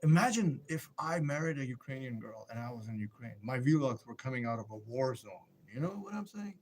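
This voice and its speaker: A man talking loosely to his viewers on a live stream. His delivery is rambling and emphatic, and it leans on rhetorical questions. He stops now and then to answer comments from the chat, at an ordinary middle pitch. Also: animated, fairly quick, darkish tone, a little hiss or hum.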